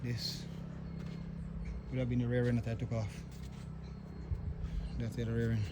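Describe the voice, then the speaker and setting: A man's voice: medium pitch, monotone, moderate pace, very noisy. A man walking through a storm-wrecked truck yard outdoors, filming on a phone and narrating the damage in grief-stricken exclamations, often repeating himself. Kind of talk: handheld walkthrough narration.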